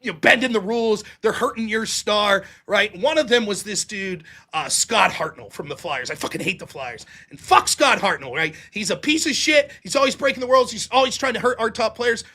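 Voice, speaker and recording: Loud, fast-talking middle-aged man from Pittsburgh. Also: high voice, expressive. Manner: fast, loud, profane talker. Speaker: guest debater. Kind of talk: casual conversation.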